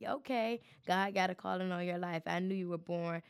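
A woman's voice: fairly low pitch, normal speed, vocal fry, smooth, no echo, studio quality. A woman hosting her podcast in a chatty, preachy way, talking straight to her listeners. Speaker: podcast host. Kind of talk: casual chat.

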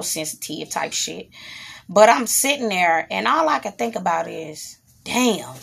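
A woman's voice: medium pitch, creaky, fairly bright tone, slightly rough. A woman vlogger telling a personal story in a candid, rambling, profane way, breaking off now and then to scold her child. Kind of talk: casual storytime monologue.

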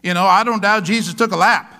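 A man pastor preaching a sermon, animated and playful, acting out little scenes and laughing along. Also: high voice, fast, in a large hall.

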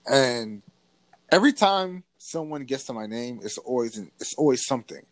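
A man in casual podcast conversation, telling a story with energy and often breaking off to restart his sentences. He has a mid-range male pitch. The recording is dry and close, with no room sound. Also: normal speed, no room sound. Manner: animated storytelling with frequent restarts. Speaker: podcast co-host.

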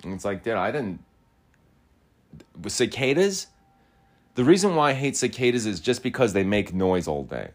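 A young man with a low, deep voice talks in a loose, rambling rant. He swears often, circles back to the same complaints and repeats himself, moving in and out of his rural home as he talks. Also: sing-song, moderate pace, long pauses. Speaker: podcast host. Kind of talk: rambling casual monologue.

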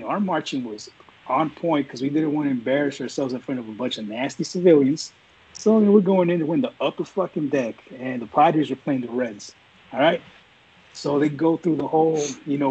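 Husky, profane ex-Marine man. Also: fairly high pitch, dark tone. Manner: profane, rambling, laid-back. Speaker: former Marine guest. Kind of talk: casual storytelling chat. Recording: dull lo-fi audio.

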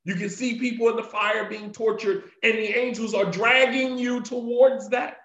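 Emphatic high-voiced male preacher, echoey. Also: steady tone, fairly bright tone. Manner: emphatic, repeats key phrases for effect; recites Arabic passages quickly between English explanation. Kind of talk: devotional talk. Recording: echoey, slightly dull recording.

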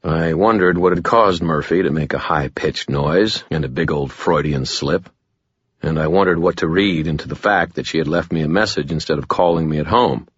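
A man narrating a first-person audiobook in a wry, deadpan way. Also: very deep voice, normal speed, husky, no room sound, muffled recording.

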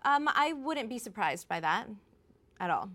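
A woman's voice: on the high side, sing-song, a little slow, bright, forceful tone. A woman guest on a talk show, chatting casually and laughing easily. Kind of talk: casual chat.

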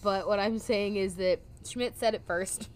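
At a measured pace and medium pitch, a woman tells a story while co-hosting a casual podcast conversation. She's animated, performing the quoted bits with laughs.

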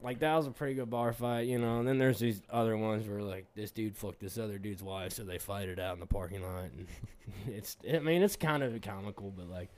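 A man's voice: on the low side, brisk, a little mellow. A man spins a rowdy bar story in loose casual talk, swearing freely and breaking into laughter. He acts out every line of dialogue as he goes. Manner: rambling, profane, laughs often, acts out quotes. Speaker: pipeliner telling stories.

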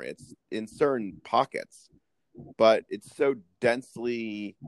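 A man's voice: lowish voice, no room sound, rough recording. A man co-hosting a casual podcast chat, chatty, often stumbling and repeating his words. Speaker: podcast co-host.

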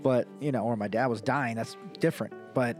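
A man's voice: medium pitch, brisk, soft background music. A man co-hosting a casual comedy podcast, swearing freely, laughing often and reading stories aloud. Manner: profane, laid-back, laughs often.

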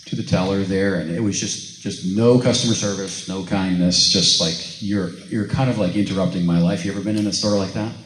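Male pastor, lowish voice, chatty sermon delivery with anecdotes, roomy echo and faint background hum. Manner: conversational preaching with anecdotes and questions to the congregation.

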